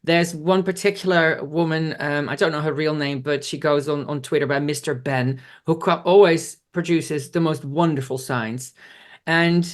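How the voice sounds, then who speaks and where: A woman interviewer in a casual chat, asking long, rambling questions in a quick, chatty way. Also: low voice.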